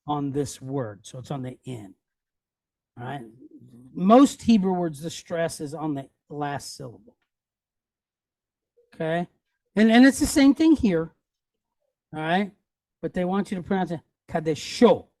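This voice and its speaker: Slow, patient man teaching Hebrew reading. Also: on the high side, darkish tone, no room sound, clean studio sound. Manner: patient, repeats words slowly for students. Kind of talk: classroom teaching.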